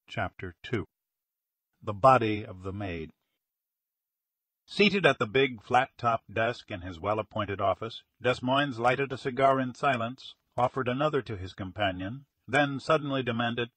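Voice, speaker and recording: A man narrating a mystery audiobook in a steady, measured storytelling manner. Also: medium pitch, no echo. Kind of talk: scripted narration.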